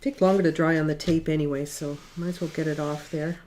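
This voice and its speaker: A woman's voice: deep voice, brisk, a little hiss or hum. Chatty woman teaching watercolor painting. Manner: relaxed and chatty, thinks aloud with fillers. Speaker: watercolor art instructor. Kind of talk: casual painting demonstration.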